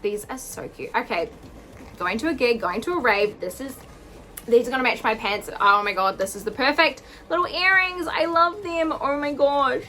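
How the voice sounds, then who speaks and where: A young woman vlogging an excited unboxing at home, gasping and gushing over each item. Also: high-pitched, normal speed, soft background music. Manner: gushing, gasping, lots of "oh my God".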